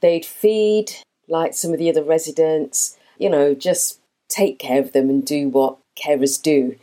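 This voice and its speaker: A woman's voice: deep voice, a little slow, mellow. A woman in her fifties, a fitness instructor, giving an earnest motivational talk full of rhetorical questions.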